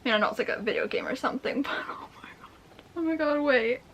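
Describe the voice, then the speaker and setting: A young woman vlogging casually, excitable and swearing, teary and emotional as she unboxes a gift. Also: high-pitched, fast talker, in a whisper. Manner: excitable, gushing, swearing, with breathy laughs. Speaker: vlogger and writer. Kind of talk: casual vlog chat.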